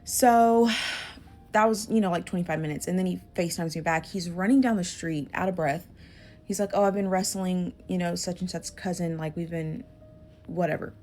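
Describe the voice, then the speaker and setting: A woman's voice: lowish voice, normal speed, darkish tone, soft background music. A woman telling a casual storytime, chatty and full of fillers and quoted dialogue.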